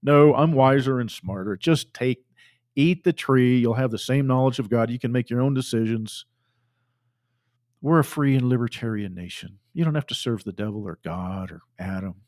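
A sly male devil, as a preacher puts him on, murmurs his temptations in a smooth, coaxing, dismissive tone. The voice sinks well below the man's usual pitch and drops in loudness. The sound is close and dry. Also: normal speed, no room sound, lightly acted.

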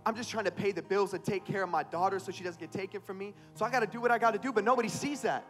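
Brief: bitter, threatening ex-convict, raised and shouting, pitched a bit high, as a pastor puts him on. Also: male voice, fairly even intonation, rapid-fire, soft background music. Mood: angry, yelling. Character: angry tattooed ex-convict man yelling on phone.

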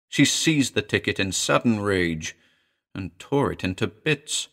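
A low-voiced man reads a classic horror tale aloud, expressive and suspenseful. His delivery rises and falls dramatically across each sentence. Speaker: narrator. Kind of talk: dramatic audiobook reading.

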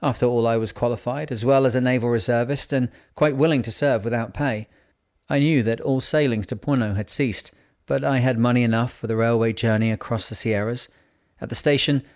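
A man narrating a novel in a measured, unhurried reading voice. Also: mid-range voice, fairly even intonation, darkish tone. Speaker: audiobook narrator. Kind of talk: scripted narration.

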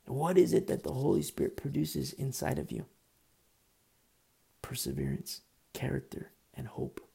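A pastor delivers a sermon in an earnest, conversational way. His voice is heavily gravelly with a husky, mellow edge. He sometimes drops to a low, hushed tone to press a point. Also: big pitch swings, measured pace. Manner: earnest, conversational preaching, drops to a whisper at times.

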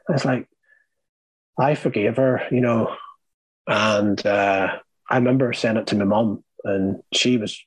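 Husky Northern Irish man, low voice. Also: dry recording, low-quality recording. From Northern Ireland. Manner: rambling, frequent fillers and restarts, blunt swearing. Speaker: guest sharing his life story. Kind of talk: candid conversational storytelling.

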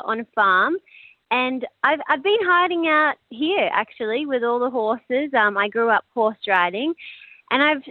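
Young Australian woman guest, chatty, higher voice, tinny dry phone line. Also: dry recording. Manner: chatty, laughs often. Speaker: guest singer-songwriter. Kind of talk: casual radio phone interview.

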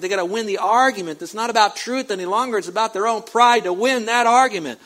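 Man, pastor, sermon, somewhat high voice, emphatic, loud punches and quiet asides. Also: fast, few pauses. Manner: reads scripture aloud and breaks in with comments.

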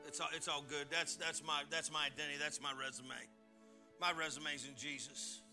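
A male pastor giving a folksy, animated sermon, often restarting his words. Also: a little high, normal speed, over music. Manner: folksy, animated and joking, with repeated word restarts.

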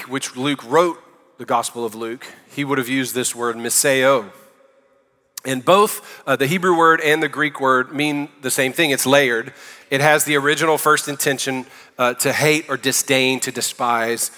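A man's voice: medium pitch, a little slow, sharp tone. A male pastor with a Southern US accent preaching a sermon in a conversational way, with joking asides. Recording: long hall reverb.

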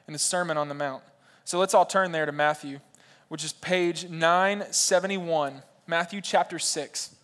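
A man's voice: sits high, a bit bright. A young man in his twenties preaching a sermon in a large church, talking straight to the crowd with jokey asides. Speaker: pastor.

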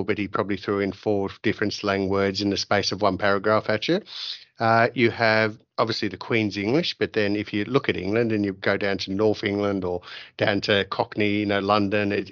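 A man's voice: on the low side, fairly bright tone, dry recording. A man hosting a podcast, talking in a rambling, chatty way with many fillers as he builds up to a question. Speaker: podcast host. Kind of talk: podcast interview. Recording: dry, slightly muffled podcast audio.

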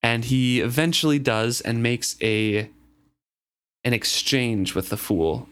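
A man's voice: mid-range voice, slow, fairly bright tone, clear, resonant tone. Man musing about a novel. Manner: thoughtful, explaining plot. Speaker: book discussion co-host. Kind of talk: casual book discussion and read-aloud.

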